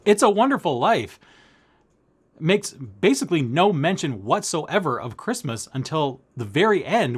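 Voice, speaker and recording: A man talking excitedly to camera in a casual monologue, stammering and repeating himself as he goes. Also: a little high, moderate pace, breathy edge. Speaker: cross-stitch vlogger.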